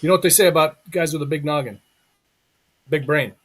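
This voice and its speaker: High-voiced joking male host. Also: fairly even intonation, very fast, fairly bright tone. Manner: joking, reads intro aloud. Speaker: show host. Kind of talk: live online show banter.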